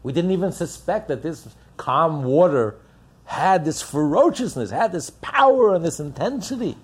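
Impassioned husky male preacher. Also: fairly high pitch, lively intonation, normal speed. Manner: impassioned, builds up with rhetorical questions. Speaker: religious teacher. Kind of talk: sermon.

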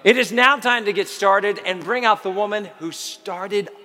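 A man's voice: sits high, moderate pace, big-room sound, a little hiss or hum. A man emceeing an event, telling a funny story to the crowd and acting out the people in it. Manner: animated, acts out the people in his story.

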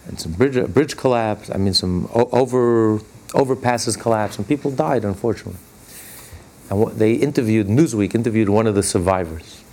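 A man teaching a religious lesson and telling stories, stressing key words with sudden jumps in pitch. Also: a little fast, a little mellow. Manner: retells stories by acting out their dialogue. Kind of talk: Torah class storytelling.

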